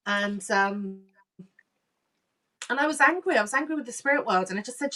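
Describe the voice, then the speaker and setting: A woman's voice: on the high side, expressive, moderate pace, long pauses, sharp tone, recorded from a distance. Woman, medium and intuitive coach, earnest emotional storytelling, acts out remembered lines, a bit off the mic. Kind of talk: personal storytelling in a conversation.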